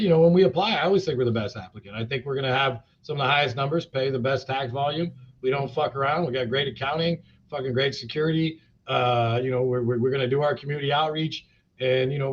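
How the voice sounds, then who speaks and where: A man's voice: mid-range voice, a little hiss or hum. A man being interviewed as a company chief, talking in a blunt, profane, rambling way full of fillers. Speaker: cannabis company CEO, interview guest. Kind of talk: casual interview talk. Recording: dull lo-fi podcast audio.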